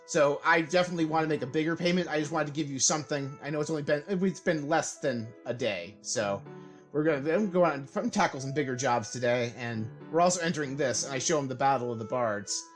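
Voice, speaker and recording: Higher-voiced male tabletop player. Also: fast, soft background music. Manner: rambling, sheepish hesitations. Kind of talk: tabletop role-play and recap narration.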